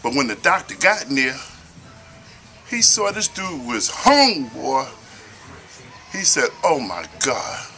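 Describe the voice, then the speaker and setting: Brief: male joke teller, gravelly voice, folksy drawl, music playing behind him. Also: medium pitch, very animated, slow pace, pauses often, sharp tone. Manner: folksy, drawling storyteller, acts out stutters and punchlines. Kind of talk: casual joke telling to camera.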